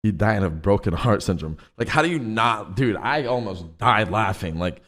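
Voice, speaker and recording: A young man chatting casually out of character, laid-back and rambling, swearing often and filling pauses with "um" and "like". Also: on the low side, lively intonation, a bit bright. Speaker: streamer and roleplay group leader.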